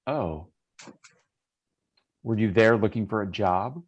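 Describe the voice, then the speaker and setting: A cautious, professional woman aboard a ship, as a man game master voices her in a tabletop game. She speaks slowly and politely, stopping and restarting often, with a mid-pitched voice. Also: lo-fi sound. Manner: hesitant, polite, halting. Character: wary, professional young woman sailor.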